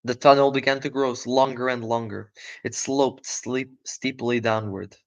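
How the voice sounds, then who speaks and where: Man, live audiobook reading, casual asides, self-corrections, average pitch. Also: little pitch movement, moderate pace, muffled recording. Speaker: storyteller.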